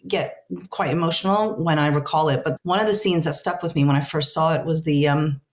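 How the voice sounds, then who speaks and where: Low-voiced woman, earnest translator guest. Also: fairly even intonation. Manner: earnest, halting, searching for words. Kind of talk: reflective interview answers.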